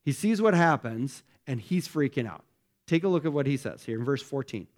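A man's voice: mid-range voice, animated, a little fast. A man preaching a sermon as pastor, speaking conversationally and tagging many lines with rhetorical questions. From United States.

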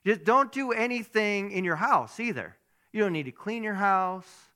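A man's voice: high-pitched, moderate pace. A male pastor preaching a conversational sermon, often checking in with the congregation with "right?" and acting out bits. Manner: conversational, animated, asks the congregation questions.

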